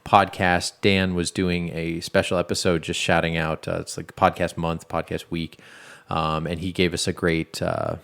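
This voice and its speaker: Guy with a really low voice rambling on his podcast, lots of restarts. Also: little pitch movement, normal speed, creaky, a bit bright. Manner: rambling and chatty, with frequent restarts. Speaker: podcast co-host. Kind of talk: casual chat.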